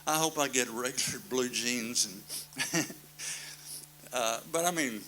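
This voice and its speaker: A man's voice: mid-range voice, slow pace, bright, forceful tone, slight background noise, low-quality recording. A man preaching a sermon in a folksy, plain-spoken storytelling manner, repeating his refrains.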